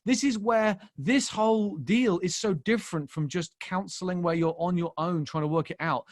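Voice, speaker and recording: Impassioned pastor, fairly high voice. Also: male voice, moderate pace, dry recording, studio quality. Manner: impassioned, shifting between hushed and loud emphasis; storytelling, personal and tender. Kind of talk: sermon. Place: church.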